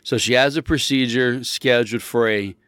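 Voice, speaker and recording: A man of middling pitch hosts a casual show and tells a long, rambling story. He stops to fix his own words and gets emphatic when he makes his point. The recording is dry, with no room sound. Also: moderate pace, clean tone, no echo. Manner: rambling, self-correcting; animated, emphatic when riled up.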